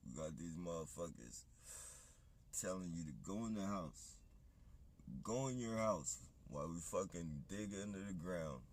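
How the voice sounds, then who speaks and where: A man's voice: deep voice, expressive, unhurried, slight background noise. A man on a livestream, ranting in a heated, profane, rambling monologue. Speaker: livestream host.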